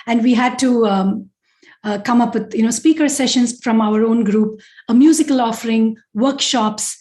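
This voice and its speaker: Middle-aged lady telling heartfelt devotional stories on a video call, higher voice. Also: normal speed, a little mellow. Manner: heartfelt, earnest storytelling. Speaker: guest speaker at a devotional gathering. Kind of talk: personal spiritual testimony.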